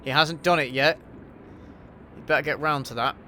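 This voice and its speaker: A man's voice: fairly high pitch, moderate pace, sharp tone, slight background noise. A man hosting a casual livestream Q&A while he plays a game, answering chat in an offhand, sweary way and muttering to himself mid-game. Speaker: YouTube host.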